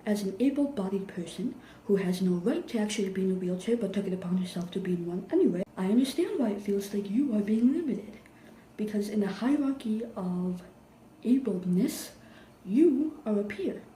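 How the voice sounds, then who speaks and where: A woman's voice: mid-range voice, warm tone, echoey room, a little hiss or hum, rough recording. A woman delivering an improvised, sarcastic and emphatic rant to camera, lecturing in a pointed tone. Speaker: vlogger.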